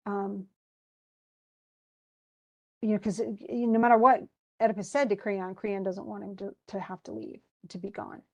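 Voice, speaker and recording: The recording has its highs cut off as a woman with a mid-range voice and steady tone talks at normal speed, pausing often. Chatty and prone to restarts, this teacher casually recounts a tragedy for her students, wistful about how it unfolds.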